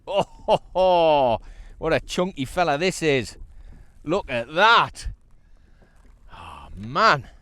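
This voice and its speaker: Slow-talking North East English man outdoors. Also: a little high, dry recording. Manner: chatty, excitable, laughs often, talks to the fish. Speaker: kayak angler. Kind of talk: casual talk to camera while fishing. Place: sea kayak outdoors.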